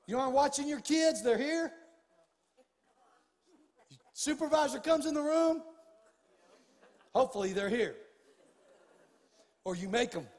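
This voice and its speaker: High-voiced pastor preaching in a reverberant hall. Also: male voice, a little mellow. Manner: preaching with rising fervor, casual folksy asides. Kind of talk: sermon. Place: large church sanctuary.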